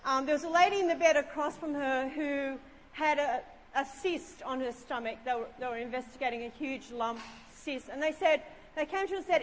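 High-voiced woman preacher, echoing hall. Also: fairly quick, a little hiss or hum. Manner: chatty, humorous, conversational with fillers. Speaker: pastor. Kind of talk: sermon storytelling.

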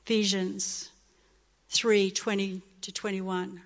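A woman pastor preaching a fervent sermon, reading scripture slowly and emphatically. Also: fairly high pitch, steady tone. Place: church hall. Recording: live church recording with long reverb and loud music. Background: worship music.

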